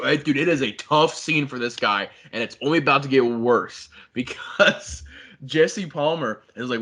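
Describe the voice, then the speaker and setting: A man's voice: mid-range voice, moderate pace, a bit bright. A young man, a podcast co-host, animatedly retelling a story in casual chat, swearing a lot and saying "like" constantly.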